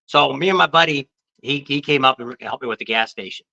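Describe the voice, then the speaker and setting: Older male co-host in his 60s, rapid bright delivery, lively storyteller, dull lo-fi livestream audio. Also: mid-range voice, vocal fry. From California. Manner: lively storyteller, acts out other people's lines. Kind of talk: casual livestream chat.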